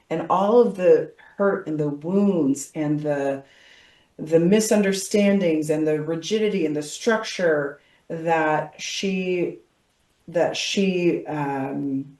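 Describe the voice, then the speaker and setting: A woman tapping coach, calmly directing and leading a guided visualization. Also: deep voice. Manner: calm, directive, guiding visualization. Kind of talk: guided healing session. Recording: roomy echo, distant from mic.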